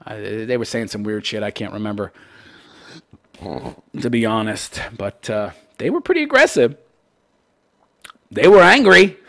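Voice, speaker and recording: A man hosting a call-in commentary show tears into a listener's letter with sarcasm and profanity, saying "wait, wait" again and again. He speaks unhurriedly in a mid-range, sing-song, creaky voice that is a bit bright, leaving long pauses.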